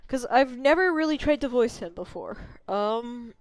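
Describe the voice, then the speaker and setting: A woman's voice: on the high side, animated, normal speed, clean tone. A young woman streamer chatting casually while she plays, rambling and unsure of herself as she tries out voices. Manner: rambling, self-doubting, trying out voices. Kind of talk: casual gameplay chat.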